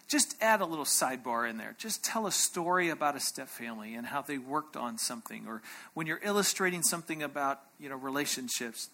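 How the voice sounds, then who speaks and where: Emphatic man teaching a workshop, sharp voice. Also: a little high. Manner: emphatic, keeps checking in with "right?"; acts out short quoted voices. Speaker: workshop speaker. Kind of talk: conference breakout teaching.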